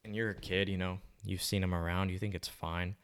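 A man's voice: low-pitched, level tone, a little fast, fairly bright tone, clear, resonant tone. A young man rambling casually to the camera, musing in a slangy, laid-back way with plenty of swearing.

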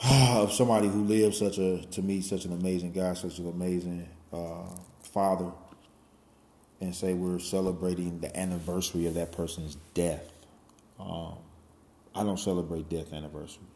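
A man's voice: low voice, dark tone, echoey room. A man in his forties talking casually and at length, rambling with lots of fillers and loose swearing. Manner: rambling, peppered with "you know" and "man", swears freely. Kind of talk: casual conversational monologue.

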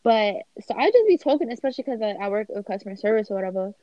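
A young woman rattles along in quick, slangy chat. Her voice comes through a dull, lo-fi recording that is dry, with no room around it. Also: medium pitch, very animated, dark tone, dry recording. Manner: fast-talking, slangy. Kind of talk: casual chat.

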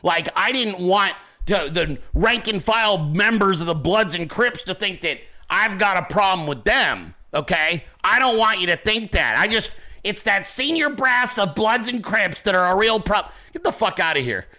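A furious male commentator who hosts his own show and tears into his targets with profanity and sarcasm. His voice is high and cutting, and the delivery sounds forceful and tense. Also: expressive, normal speed, few pauses. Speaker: host of a political commentary show. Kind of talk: profane political rant.

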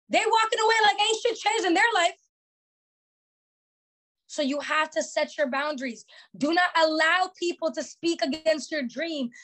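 A woman's voice: high voice, a bit bright. A young woman hosting a podcast, giving a motivational talk in an emphatic, repetitive way with many "like" fillers. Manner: emphatic, repeats key phrases, frequent "like" fillers. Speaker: podcast host.

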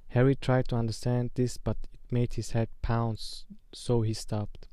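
A man narrating a storybook aloud at a calm, steady pace. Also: medium pitch, a little slow, hardly any pauses, dry recording. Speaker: audiobook reader.

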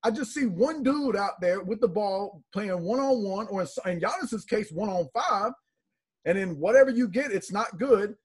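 A man co-hosting a sports podcast, breaking down a basketball game in emphatic, animated chat. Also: high-pitched, normal speed, breathy edge. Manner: animated, emphatic, repeats words for stress.

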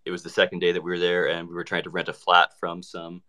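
A man with a very deep voice chats casually in an online audio room. He talks hesitantly, pausing often with fillers and restarting his sentences. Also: monotone, pushed and bright. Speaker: participant in an online audio chat. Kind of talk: casual group conversation.

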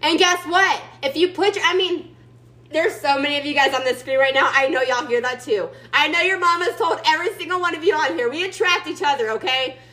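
Sassy high-voiced woman on a video call. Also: brisk, pushed and bright, poor audio. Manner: sassy, chatty, emphatic, addresses listeners as y'all. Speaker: team leader speaking to her sales team. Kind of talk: motivational pep talk.

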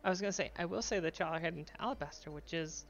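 Lady game master, kinda low voice, muffled lo-fi mic. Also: very fast, soft background music. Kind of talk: narrating a tabletop game.

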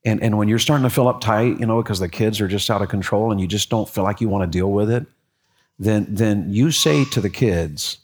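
A middle-aged man preaching a sermon, telling a personal story with lively repeats and sudden rises in his voice. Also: on the low side, a little fast. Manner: animated storytelling, repeats words, voice jumps up when excited. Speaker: pastor.

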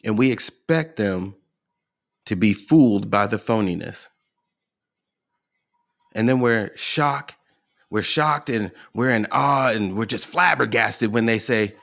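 A man's voice: lowish voice, takes it slowly, gravelly, pauses often, a bit bright. A man hosting a motivational podcast, talking emphatically and asking his listeners rhetorical questions. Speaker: podcast host.

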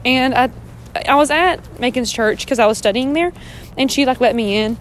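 A young woman recaps her day into her phone, chatty and rambling, with a steady stream of "like" and "um." Her voice sits a bit high. Faint car noise hums behind her as she talks from a parked car. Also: normal speed. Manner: chatty, rambling, many fillers and "like"s. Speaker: vlogger. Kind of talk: casual diary vlog.

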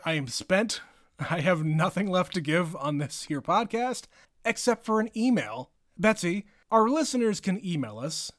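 A man with a notably high voice, co-hosting a podcast and reading out listener mail with a joking, playful drawl. His voice sounds dry and close, with no room around it. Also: a bit bright, no echo. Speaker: podcast co-host. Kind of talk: casual chat, reading listener emails.

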